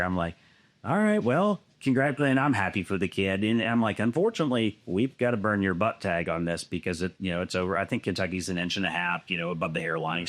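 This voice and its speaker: The recording is very noisy, and the man's voice is low. Casual and animated, he recounts a long hunting story, cursing often and imitating what others said.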